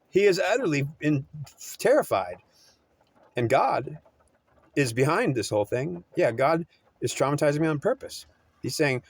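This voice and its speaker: A man's voice: sits high, no echo. A man telling a story in a rambling, repetitive way, often restarting and correcting himself. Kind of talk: oral storytelling.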